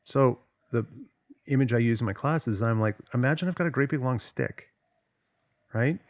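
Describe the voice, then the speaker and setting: A man's voice: mid-range voice, moderate pace, no room sound, clean studio sound. A man coaching on vulnerability, talking casually and emphatically, acting out quoted voices. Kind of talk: casual talk to camera.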